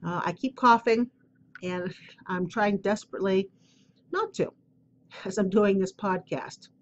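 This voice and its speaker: A woman talks candidly on her own spiritual advice podcast, rambling with fillers while she has a cough drop in her mouth. Her medium-pitched voice is a little slow, and the recording has its highs cut off plus slight background noise.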